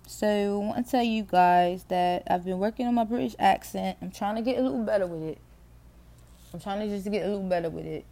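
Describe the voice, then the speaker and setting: A woman's voice: medium pitch, fairly quick, creaky, mellow. A middle-aged woman hosting her own podcast, talking to herself in a rambling, candid monologue, swearing freely and laughing often. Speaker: podcast host. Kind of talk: casual solo monologue.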